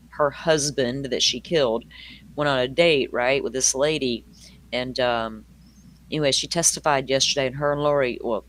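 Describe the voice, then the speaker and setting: A slightly high, fairly bright voice belongs to an older Southern US man running a true crime livestream. He chats casually with his live audience, laughs often and greets viewers by name.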